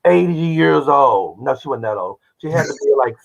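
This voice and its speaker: A man in his seventies from Oklahoma, a guest who tells animated stories and acts out the voices of people he quotes. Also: mid-range voice, normal speed, gravelly. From Oklahoma, United States. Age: 70s. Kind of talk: casual interview storytelling. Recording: dull lo-fi audio.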